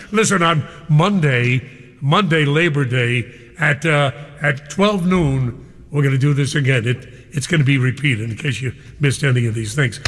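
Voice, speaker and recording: Older male radio DJ, playful and chummy, slightly high voice with a long echo tail. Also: a bit bright. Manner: exuberant, chummy, playful banter. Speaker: radio disc jockey. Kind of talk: live radio show hosting.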